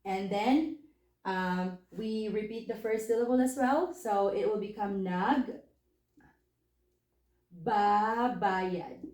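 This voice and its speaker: A woman's voice: mid-range voice, unhurried, dark tone, roomy sound. A woman teaching a language lesson, patiently explaining step by step and checking in with questions. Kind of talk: spoken lesson.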